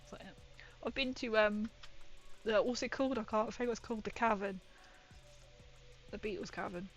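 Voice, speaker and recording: A woman's voice: mid-range voice, normal speed, faint music behind, poor audio. A woman painting miniatures and chatting with viewers in a rambling, giggly way. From Britain. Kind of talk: casual chat while painting.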